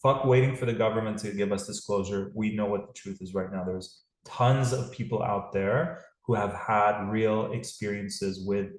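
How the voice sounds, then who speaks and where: A man's voice: on the low side, moderate pace, hardly any pauses, echoey room, rough recording. Rambling man hosting a live call. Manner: rambling, many restarts and fillers, swears. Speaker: host of a live call series. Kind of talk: casual livestream talk.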